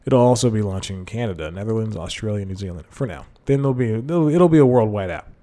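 Man, solo podcast host, somewhat low voice, rambling, self-correcting, chuckling asides, desk mic. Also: animated, quick pace, warm tone. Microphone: headphones and desk mic.

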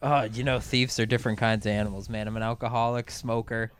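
A man's voice: mid-range voice, little pitch movement, fast, a crowd in the background. A man joking around as a player in a tabletop game. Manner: jokey, playful.

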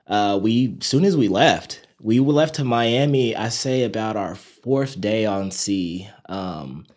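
A man in his thirties, a nurse and interview guest, telling stories in a casual, animated way with many fillers. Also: on the low side, takes it slowly. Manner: animated storyteller, quotes people in lively voices, many fillers.

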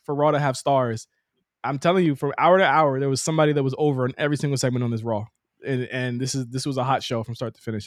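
Fast-talking enthusiastic male co-host. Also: medium pitch, no echo, studio quality. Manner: enthusiastic, swears freely. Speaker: podcast co-host. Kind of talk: casual chat.

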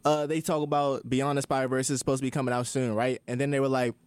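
A young man guesting on a podcast in casual chat, telling animated, slangy stories and acting out what people said. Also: medium pitch, fast talker, clean tone, dry recording. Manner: animated storyteller, slangy, acts out quotes.

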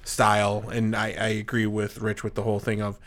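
A man's voice: lowish voice, completely flat delivery, brisk, a bit bright. Rambling man in casual chat. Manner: rambling, full of restarts and fillers. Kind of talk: casual movie review chat.

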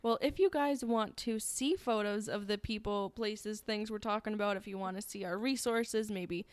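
A young woman co-hosts a podcast with a relaxed, teasing manner. Her voice is recorded dry and close to the mic. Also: medium pitch, clean tone, no room sound. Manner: laid-back, teasing, quick to laugh. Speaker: podcast co-host. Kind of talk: casual chat.

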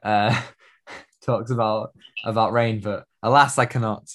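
A man's voice: lowish voice, steady tone, a little slow, a bit bright. A young man co-hosting a podcast, talking with enthusiasm and stumbling over repeated words. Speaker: podcast co-host. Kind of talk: casual chat.

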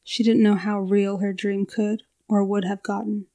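A woman narrating a scripted story in a steady, even storytelling delivery. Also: medium pitch, normal speed.

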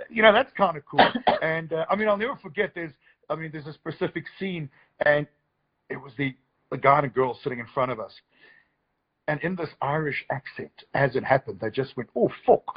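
A filmmaker guest with a higher-pitched male voice talks fairly quickly on a casual live stream, and the highs in the audio are cut off. He's enthusiastic and rambling, joking around and restarting his sentences often.

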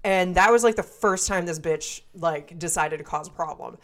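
A woman's voice: lowish voice, moderate pace. A woman in her twenties casually telling a story on a podcast, blunt and swearing freely as she acts out what everyone said. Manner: blunt, heavy swearing, acts out quoted dialogue. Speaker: podcast co-host.

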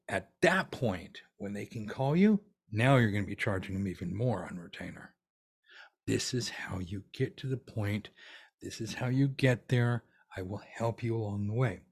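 A man's voice: medium pitch, darkish tone. A man teaching tarot readers how to earn money, talking in a blunt, ranty, profane way. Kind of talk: ranty casual coaching monologue.

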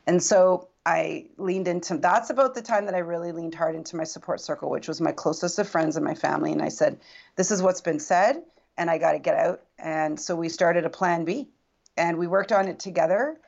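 A woman's voice: lowish voice, a little fast, gravelly, a little mellow, muffled recording. A woman guest recounting a personal story in earnest, reflective casual conversation. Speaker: podcast guest.

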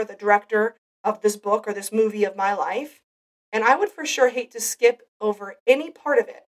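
A woman's voice: medium pitch, distant mic. A woman hosting a devotional podcast, giving an earnest, heartfelt Bible teaching. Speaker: podcast host.

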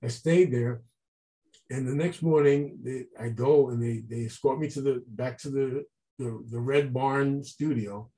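A man telling a long story as an interview guest, animated and acting out the voices of people he quotes. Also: medium pitch, a little slow, poor audio. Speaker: guest artist. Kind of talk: casual storytelling.

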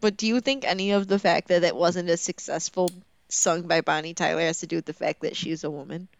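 A woman's voice: fairly low pitch, steady tone, fairly quick, vocal fry, muffled recording. A young woman co-hosting a podcast in casual chat, giggly and bubbly, saying "like" often. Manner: bubbly, giggly, says "like" a lot. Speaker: podcast co-host.

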